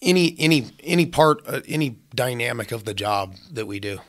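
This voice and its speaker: A man's voice: medium pitch, fairly quick. Blunt swearing young welder man. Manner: blunt, heavy swearing, animated storytelling. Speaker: podcast guest, welder. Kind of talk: casual podcast chat.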